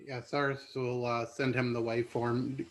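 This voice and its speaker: Man, tabletop player, halting, middle pitch, thinking aloud. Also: flat delivery, heavy background noise. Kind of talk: tabletop game play.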